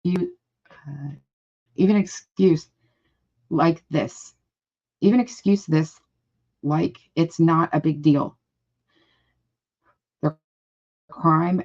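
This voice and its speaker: A woman with a gravelly, rough-edged voice talks through a live reaction stream, reading comments aloud and cutting in with blunt, indignant remarks and frequent swearing. The sound is dull and lo-fi, as on a home streaming mic. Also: low-pitched, a little mellow. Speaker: livestream reaction host.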